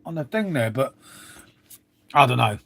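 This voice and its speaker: A man's voice: mid-range voice, sing-song, unhurried, vocal fry, a bit bright. A middle-aged man chatting casually to viewers on a live stream, swearing freely and trailing off into asides. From England. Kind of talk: rambling casual chat to viewers.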